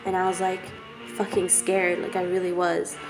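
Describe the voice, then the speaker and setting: A young adult woman telling a personal story to camera in a hushed, halting way while she holds back tears. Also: lowish voice, completely flat delivery, music in the background, poor audio. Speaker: vlogger.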